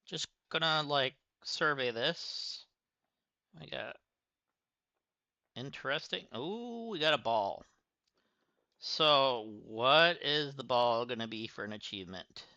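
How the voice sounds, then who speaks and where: Slow, bright-voiced male game streamer. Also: mid-range voice, expressive, no echo, highs cut off. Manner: chatty, thinking aloud while playing. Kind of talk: livestream game commentary.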